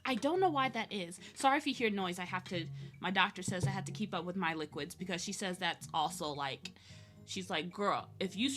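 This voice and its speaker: A woman's voice: lowish voice, fairly quick, music in the background. A young adult woman chatting casually on her art livestream, laughing often with nervous, giggly energy. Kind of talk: casual chat while drawing.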